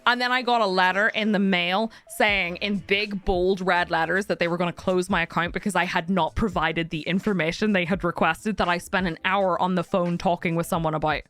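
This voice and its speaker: A woman streamer chatting casually with viewers, telling a story in an animated way, acting out other people's voices, swearing and laughing often. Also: lowish voice, a little fast, few pauses.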